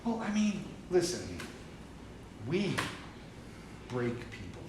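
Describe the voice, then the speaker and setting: A man's voice: a little high, big pitch swings, takes it slowly. A man leading a recovery group talk, speaking emphatically and repeating points for stress. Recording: echoey room from far off with hiss.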